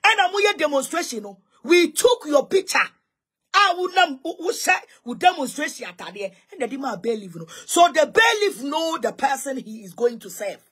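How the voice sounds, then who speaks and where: A Ghanaian woman rants heatedly on social media as an online commentator, taunting with repeated mocking questions and switching between English and Twi. Her voice sits high and sounds very animated and fairly bright, at a moderate pace.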